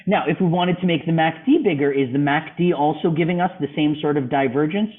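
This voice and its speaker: Speaking a touch fast in a fairly high pitch, a man teaches his trading club on a video call, working through charts and questioning a student. The audio resembles a phone line.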